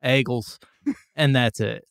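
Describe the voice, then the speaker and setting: Man, podcast host, casual rambling comic chat, middle pitch, dry close mic. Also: steady tone, takes it slowly, vocal fry, fairly bright tone, no room sound. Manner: rambling, laughs often.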